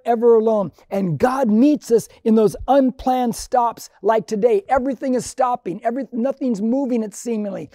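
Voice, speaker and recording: A man's voice: very high-pitched, dark tone, no room sound, studio quality. Emphatic middle-aged male preacher. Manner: preaching with emphatic repetition and rising calls. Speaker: pastor. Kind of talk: sermon.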